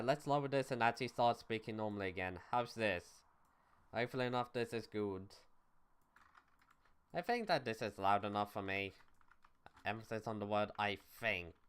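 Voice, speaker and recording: Fairly low-pitched and brisk, this young streamer's voice has a clean tone as he plays a video game live. His chatter with viewers is loose and casual; he reads out and responds to chat and curses in an offhand way.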